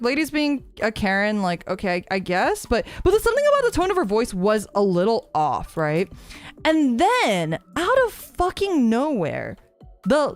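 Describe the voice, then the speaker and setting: A woman streamer telling a story in casual chat, animated and rambling, full of "like" and restarts. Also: fairly high pitch.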